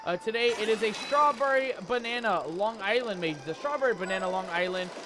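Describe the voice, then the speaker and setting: A man's voice: high-pitched, animated, brisk, noisy background. A man streaming a cozy game, talking to his chat in a playful pirate-themed showman manner. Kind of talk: hyped live game stream commentary.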